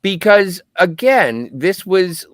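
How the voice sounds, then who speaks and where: A man hosts a movie podcast, sounding excitable and emphatic. His voice sits a little high and jumps around a lot in pitch. The recording is dry and close. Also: slow, no echo. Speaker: podcast host. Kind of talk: casual movie discussion.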